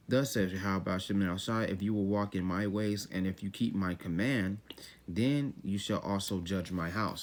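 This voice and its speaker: A man with a fairly low voice teaches scripture as casual talk. He reads a verse, then unpacks it in relaxed street slang and keeps checking in with his listeners. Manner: loose and conversational, reading verses then explaining them in slang; often repeats "you know what I'm saying".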